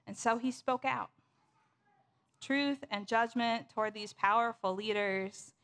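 A woman pastor preaching a sermon in a measured, storytelling way. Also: a little high, gravelly, fairly bright tone.

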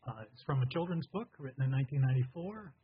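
An older man preaching a sermon as a pastor, in a halting, conversational way with a husky voice. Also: mid-range voice, lively intonation. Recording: dull lo-fi recording.

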